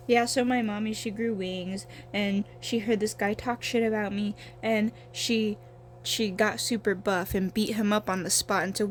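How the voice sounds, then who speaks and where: A woman's voice: mid-range voice, normal speed, slight background noise. A young woman in her twenties talking casually while she draws, rambling and swearing with a self-deprecating streak. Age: young adult. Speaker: vlogger.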